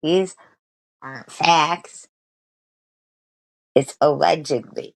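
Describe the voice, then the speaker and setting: A woman's voice: low-pitched, very slow, creaky, dry recording. A woman streamer giving mocking reaction commentary, crude and profane, laughing at her own jokes.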